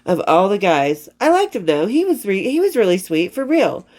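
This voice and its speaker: Her medium-pitched voice is sing-song and a little mellow, moving at a moderate pace as this woman in her fifties reads old diary entries. She rambles and swears through casual rock stories, frequently losing track and restarting.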